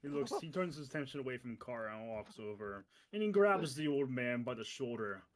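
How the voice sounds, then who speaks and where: Guy running a tabletop game, middle pitch, voice bouncing all over, narrating bandits and swagger. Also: brisk, noisy background. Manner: lively, slips into gruff bandit voices. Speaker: game master.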